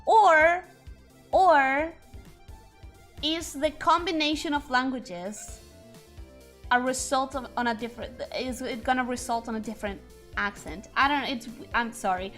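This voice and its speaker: A woman whose first language is Spanish, speaking English with a Spanish accent as she chats casually on a livestream and reads chat aloud, rambling and thinking out loud. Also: high-pitched, a little slow, pauses often, soft background music. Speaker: streamer.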